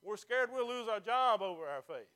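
A man with a notably high voice delivers a sermon as pastor. He preaches with emphasis, pressing the congregation with rhetorical questions. He is speaking to people seated in a church. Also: animated, normal speed, pushed and bright.

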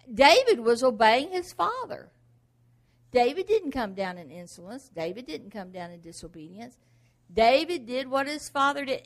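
A woman preaching a sermon emphatically, firing off rhetorical questions. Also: on the high side.

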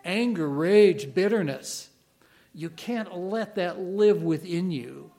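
A middle-aged man preaching a sermon as a pastor, earnest and emphatic, pausing and repeating key words. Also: high-pitched, expressive, vocal fry, warm tone.

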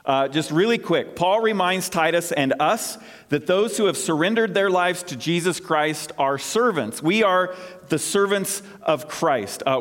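A male pastor preaching a sermon in a church, stressing his points through repetition. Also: fairly high pitch. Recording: long church reverb.

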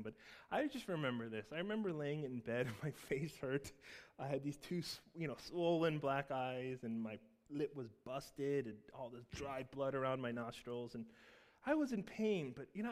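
A man preaching a Christmas sermon, telling a personal story and swinging between loud emphatic peaks and soft, low asides. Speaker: pastor.

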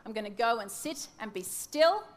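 A woman's voice: a little high, animated, moderate pace. A woman in her thirties giving a devotional teaching talk, candid and self-mocking, acting out her own wandering thoughts. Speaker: church teacher.

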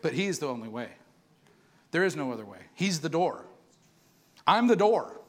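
A man preaching a sermon to his church, animated and conversational, asking the congregation for responses. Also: a little high, normal speed. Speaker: pastor.

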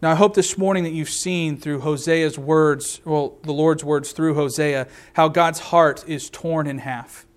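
A man preaching a sermon, reading scripture aloud and explaining it verse by verse, earnest and slowing down to stress key words. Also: fairly high pitch, fairly even intonation. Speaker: pastor.

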